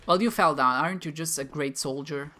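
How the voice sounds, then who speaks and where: A man's voice: fairly high pitch, brisk, sharp tone, slight background noise. A man giving playful, self-mocking commentary as he plays a game, talking back to enemies. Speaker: gamer, video host. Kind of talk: live gameplay commentary.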